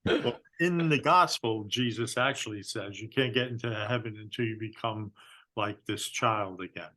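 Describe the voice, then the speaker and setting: A man's voice: on the low side, moderate pace, pushed and bright. An older man co-hosting a podcast, talking in a casual, hesitant way with many restarts. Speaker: podcast co-host. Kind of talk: casual chat.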